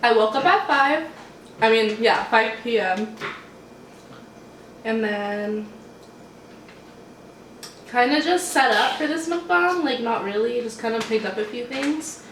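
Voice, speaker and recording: A young woman hosting a mukbang chats casually while eating at home, rambling in a laid-back way, her voice a little high. Recorded from a distance with the mic set some way off, the sound is roomy, with a faint hiss underneath.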